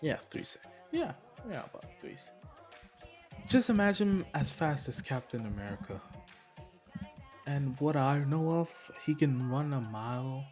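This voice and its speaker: A man's voice: medium pitch, animated, measured pace, soft background music. A man casually retelling a fan-made anime story, rambling, correcting himself and laughing at his own jokes. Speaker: video creator.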